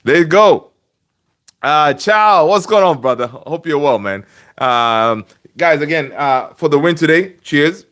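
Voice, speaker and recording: A man hosts a casual fan livestream from his home, chatting loosely and rambling between thoughts. His voice sits a little high for a man. He keeps answering the chat and greeting viewers by name. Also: lively intonation, unhurried, fairly bright tone. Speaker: fan channel host. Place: home room.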